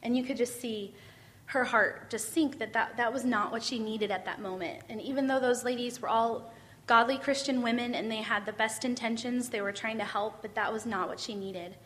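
A woman's voice: fairly high pitch, moderate pace, fairly bright tone. Earnest woman sharing a heartfelt story. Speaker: group participant sharing a story. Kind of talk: casual testimony in a church group discussion.

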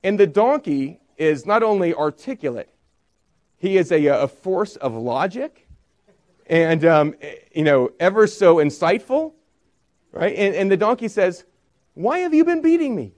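A man's voice: high voice, animated, a little slow, darkish tone. A man preaching a sermon, retelling a story with rhetorical questions and briefly acting out its speakers. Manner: storytelling with frequent rhetorical "right?"; acts out quoted voices in retelling. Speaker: pastor.

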